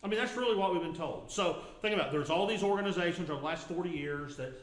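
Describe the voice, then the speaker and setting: A middle-aged man preaches a sermon in an earnest, chatty way and often repeats himself. His voice sits a little high. The sound carries the echo of a church sanctuary. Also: fast. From United States. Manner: earnest, conversational preaching with repetitions. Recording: echoey church room.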